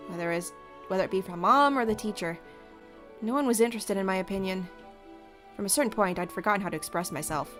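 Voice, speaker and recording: A woman streaming a let's play, reading a story game's text aloud in the first person and reacting with her own comments. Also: mid-range voice. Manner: animated, exclaims and laughs at the story.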